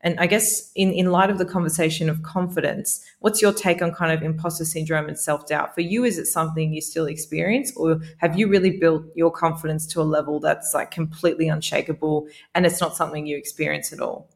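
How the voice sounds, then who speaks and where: A woman's voice: low voice, steady tone, brisk, hardly any pauses. A woman hosting a podcast, talking in a thoughtful, rambling way with hesitations. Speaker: podcast host. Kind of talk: casual podcast interview.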